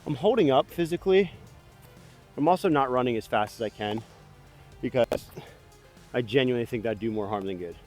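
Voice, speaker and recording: Excitable man narrating his own disc throws. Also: mid-range voice, a little fast, pauses often, soft background music. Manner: excitable, self-critical, talks to himself between throws. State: a bit out of breath. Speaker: disc golf vlogger. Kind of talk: casual running commentary while playing. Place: outdoors on a disc golf course.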